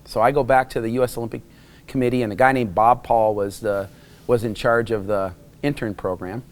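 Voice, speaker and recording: In a brisk, mid-range voice with fairly even intonation, a middle-aged Wisconsin man, from the USA, spins a meandering personal anecdote during a relaxed interview. He keeps starting over and performs the quoted lines.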